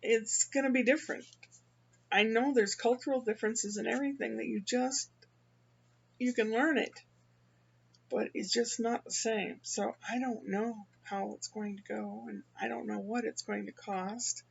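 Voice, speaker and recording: An older woman from the American Midwest, rambling through a casual personal monologue with halting restarts. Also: fairly high pitch, steady tone, creaky, husky, dull audio. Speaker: vlogger.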